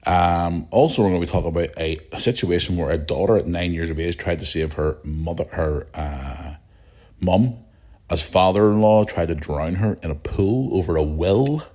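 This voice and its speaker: A middle-aged Northern Irish man hosting a solo podcast, chatting in a blunt, rambling way with a croaky morning voice. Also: deep voice, normal speed, a little mellow. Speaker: podcast host. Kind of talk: casual solo podcast chat.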